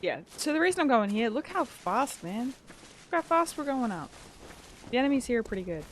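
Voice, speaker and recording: A woman's voice: a little high, big pitch swings, fairly quick, a little hiss or hum. A young woman streaming a game, chatting casually with viewers, laughing often and greeting new followers. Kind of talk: casual gameplay commentary.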